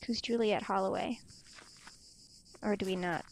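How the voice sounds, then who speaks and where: A woman's voice: medium pitch, steady tone, a little slow, gravelly. A woman hosting a let's play, tossing out wry asides as she plays a game. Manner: wry asides while playing. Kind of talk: casual game commentary.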